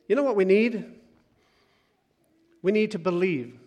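Impassioned pastor in an echoing hall. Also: male voice, sits high, measured pace, long pauses. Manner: impassioned, swings between loud urging and soft hushed asides. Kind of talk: sermon. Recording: long hall reverb.

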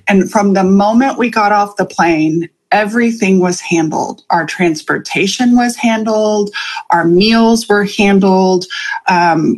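A woman hosting a live podcast episode, talking casually with frequent ums and light laughs as she goes through her notes. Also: medium pitch. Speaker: podcast host and coach.

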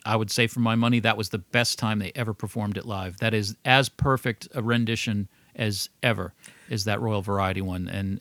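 A man co-hosting a podcast, talking in a relaxed, opinionated way about music history. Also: fairly low pitch, no echo. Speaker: podcast co-host. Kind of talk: casual music history chat.

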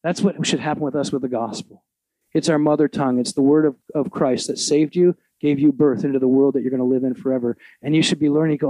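Fervent high-voiced middle-aged preacher. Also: male voice, fast, darkish tone, dry recording. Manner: fervent, emphatic, full of rhetorical questions. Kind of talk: live sermon teaching. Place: live event before an audience.

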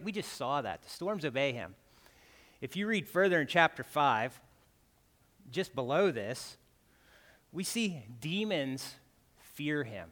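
A man's voice: on the high side, a bit bright. Man preaching conversationally in a reverberant church. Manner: conversational, keeps asking "right?". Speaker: guest preacher. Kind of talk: sermon. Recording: church hall with long reverb.

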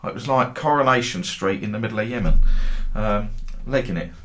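A middle-aged man with a lowish voice rambles through a story, chatty and wry. He hosts a football trading group and drops in casual swearing and dry jokes as he talks to his members. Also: lively intonation, fairly quick, bright, forceful tone.

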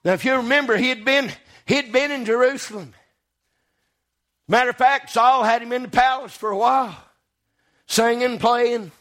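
A man preaching a sermon with fervent swings from low murmurs to shouted peaks, repeating phrases and punctuating with amen. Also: moderate pace, pauses often.

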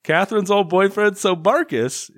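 Guy recapping a movie, swearing and laughing, bouncy pitch, dry mic. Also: expressive, moderate pace, fairly bright tone, no echo. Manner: profane, laughing, acts out lines from scenes. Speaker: podcast co-host reviewing a film. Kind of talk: casual chat.

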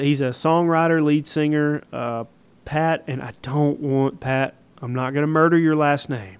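A man's voice: a little high, clear, resonant tone. A man from Middle Tennessee with a Southern accent, hosting a podcast in easygoing, rambling casual talk full of fillers. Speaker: podcast host.

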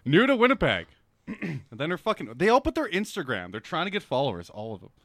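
A man's voice: fairly high pitch, wildly swooping pitch, fairly quick, fairly bright tone, dry recording, clean studio sound. A man co-hosting a podcast, joking crudely and laughing often in casual banter. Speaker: podcast host.

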